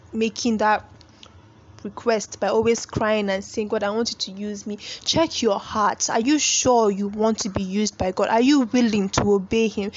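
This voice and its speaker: A woman's voice: mid-range voice, highs cut off. A young woman hosting a faith podcast, speaking earnestly and pleading with listeners like a preacher. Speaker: podcast host.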